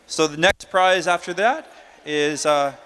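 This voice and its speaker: Upbeat high-voiced man emceeing in a hall. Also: a little slow, a bit bright, clear, resonant tone. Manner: upbeat, joking, loose and chatty. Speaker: emcee drawing prize winners. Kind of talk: live announcing at a conference. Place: large conference hall. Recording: long hall reverb.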